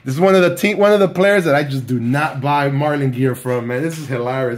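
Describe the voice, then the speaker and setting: A man giving casual, excited commentary as he opens trading card packs, calling out each card and talking to his viewers. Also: mid-range voice, normal speed. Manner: excited, talks to viewers by name, lots of fillers. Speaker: card collector opening packs.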